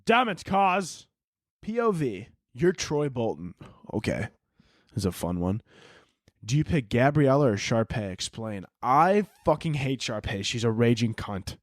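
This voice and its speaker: A man's voice: mid-range voice, measured pace, no echo, clean studio sound. A man in his twenties hosting a solo podcast, ranting casually with lots of swearing. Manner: profane, animated, ranting. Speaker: podcast host.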